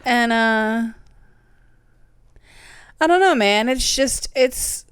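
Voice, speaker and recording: A woman's voice: fairly high pitch, drawn-out words, smooth, no room sound, clean studio sound. A woman co-hosting a podcast, chatting casually and teasing her co-host with short agreeing replies. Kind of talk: casual chat ranking songs.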